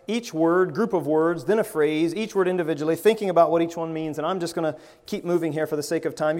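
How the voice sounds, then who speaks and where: A man preaching an informal sermon, stammering over restarts and swinging from loud to hushed. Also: fairly high pitch, long reverb tail. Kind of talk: conversational sermon.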